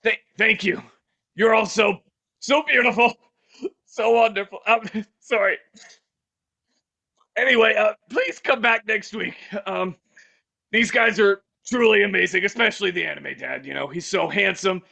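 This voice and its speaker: A man voicing a gruff teen anime hero who talks sweetly, gushing and sentimental. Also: sits high, a little slow, long pauses, pushed and bright, full character voice. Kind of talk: improv comedy voice.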